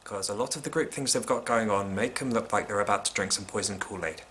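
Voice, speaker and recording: A man vlogging a casual, opinionated critique with a wry tone, often dropping into hushed asides. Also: lowish voice, fast talker, slight background noise. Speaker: vlogger reviewing a film.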